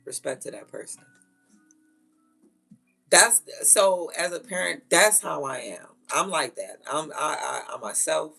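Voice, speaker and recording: A woman who is a mother, telling stories in a blunt, profane, animated way and laughing often. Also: sits low, a little slow, creaky, husky, soft background music. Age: adult with children. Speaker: vlogger. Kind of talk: casual storytelling rant.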